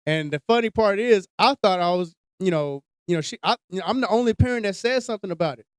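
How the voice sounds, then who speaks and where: A man's voice: high-pitched, expressive, fast talker, smooth, dry recording, clean studio sound. A young man co-hosting a podcast, telling a story in casual, blunt, profane chat. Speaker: podcast host.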